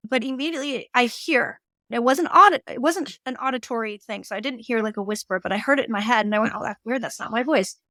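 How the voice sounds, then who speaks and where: Lively woman telling a medium story. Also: on the high side, fast talker, few pauses, dry recording. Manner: animated, quotes people in little voices. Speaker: guest medium and tarot reader. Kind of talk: casual storytelling.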